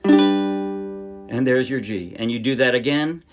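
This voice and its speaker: A man's voice: medium pitch, takes it slowly, muffled recording, over loud music. A man teaching ukulele in a casual tutorial, explaining in a chatty, friendly way and often correcting himself mid-sentence. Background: his own ukulele playing.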